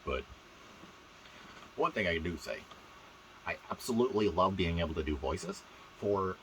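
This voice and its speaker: A man's voice: expressive, normal speed, fairly bright tone, slight background noise, low-quality recording. A man in a casual vlog talking about his own voice, rambling with restarts and showing off how he shifts it. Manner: demonstrates voices, shifting pitch and placement; rambling, with restarts and filler words.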